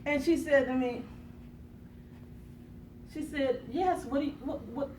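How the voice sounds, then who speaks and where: A woman's voice: high-pitched, a little slow, darkish tone, slight background noise. A woman motivational speaker telling a dramatic personal story, acting out the quotes with gasps and bursts of laughter. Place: conference room. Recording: echoey room from a distance.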